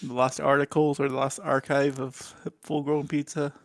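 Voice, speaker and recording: Gravelly, jokey podcast co-host man. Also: medium pitch, flat delivery, moderate pace, no echo, studio quality. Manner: jokey, teasing, laughs at own jokes. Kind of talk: casual live-stream podcast chat.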